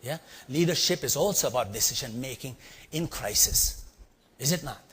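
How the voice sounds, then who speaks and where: A man from India with an Indian accent, telling a story to a live audience and quizzing them with quick asides. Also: medium pitch, husky. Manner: animated, quizzing the audience with "yeah?" and "right?". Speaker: leadership speaker. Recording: long hall reverb.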